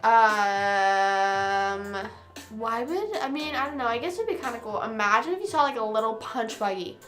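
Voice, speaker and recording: A woman's voice: on the high side, expressive, normal speed, a bit bright, faint music behind. A woman in her early twenties hosting a casual late-night livestream. She rambles through stories full of fillers. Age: early 20s. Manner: rambling, filler-heavy storytelling. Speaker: livestream host.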